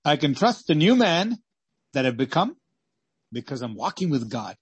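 A man preaching a sermon and reading scripture aloud, swinging between loud exclamations and hushed pleading. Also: a little high, very animated, normal speed, slightly rough, no echo.

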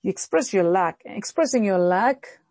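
A woman's voice: mid-range voice, lively intonation, moderate pace, darkish tone, dry recording. A woman pastor preaching a sermon emphatically, acting out prayers with her voice rising and falling.

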